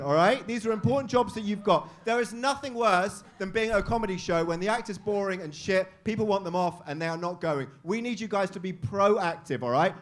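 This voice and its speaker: A man hosting a live comedy show, teasing the audience with crude, quick-witted crowd work. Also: high voice, fairly bright tone. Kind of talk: crowd-work stand-up banter.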